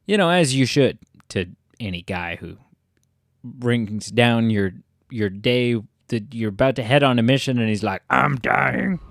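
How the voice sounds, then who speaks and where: Rambling, jokey gaming host. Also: male voice, mid-range voice, lively intonation, measured pace, no echo. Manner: rambling, jokey, self-interrupting. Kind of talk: casual let's-play commentary.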